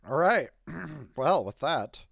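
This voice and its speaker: A man running a tabletop game, taking his time and padding his narration with ums and uhs. His voice sits at a middling pitch, and the recording is dry and close, with no room sound. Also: gravelly, a bit bright, no echo. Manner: unhurried, filler-heavy narration. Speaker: game master.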